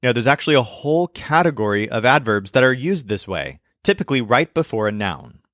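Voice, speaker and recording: Guy teaching a language lesson, really animated voice, clear explaining, dry close recording. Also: mid-range voice, no echo. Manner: clear explanatory delivery, slows down for example phrases. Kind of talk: scripted lesson narration.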